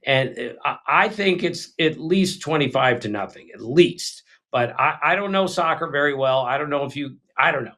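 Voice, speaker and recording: A man's voice: fairly high pitch, expressive, moderate pace, hardly any pauses, pushed and bright. A man co-hosting a casual baseball podcast, telling anecdotes with frequent restarts. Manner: storytelling, stumbling restarts. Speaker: podcast co-host. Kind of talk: casual sports chat.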